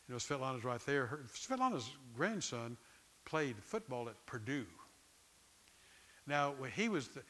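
Bright-voiced man preaching. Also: medium pitch. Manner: conversational preaching with repeated words and asides. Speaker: pastor. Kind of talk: sermon.

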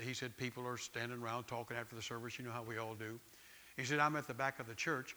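Bright-voiced man preaching. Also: medium pitch. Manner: conversational preaching with repeated words and asides. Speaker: pastor. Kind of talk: sermon.

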